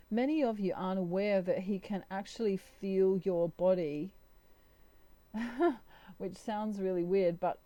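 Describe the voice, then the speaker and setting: Slow, mellow-voiced woman tarot reader. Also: on the low side, no room sound. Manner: slow, soft, emotional, hesitant. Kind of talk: spiritual channeled reading.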